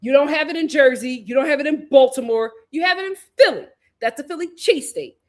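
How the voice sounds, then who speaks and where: Animated, chatty high-voiced woman. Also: quick pace. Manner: animated, chatty, slangy, puts on voices when quoting. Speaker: reality TV recap host. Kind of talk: casual live stream chat.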